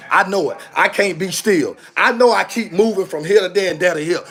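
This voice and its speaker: Fired-up high-voiced man ranting on stream. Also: quick pace, hardly any pauses, fairly bright tone. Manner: preachy, repetitive, fired-up. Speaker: live stream commentator. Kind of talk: heated livestream rant.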